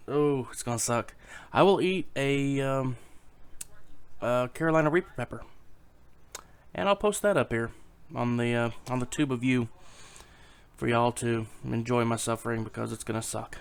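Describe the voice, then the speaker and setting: Man, casual joke telling, rambling, swearing, at home, daughter on his lap, middling pitch. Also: a bit bright, clear, resonant tone. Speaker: YouTube joke teller.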